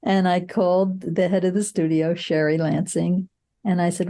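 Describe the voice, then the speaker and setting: Older woman, film producer, mellow low voice, reflective anecdotes, "you know" fillers. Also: little pitch movement, moderate pace. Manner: reflective storytelling, frequent "you know" and restarts. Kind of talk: candid interview answers.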